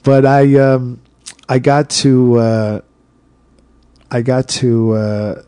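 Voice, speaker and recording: A man, a podcast guest telling a story in a lively way, acting out the voices of people he quotes. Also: medium pitch, drawn-out words, clear, resonant tone, no echo. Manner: animated, acts out quoted voices, swears freely. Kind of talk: casual storytelling.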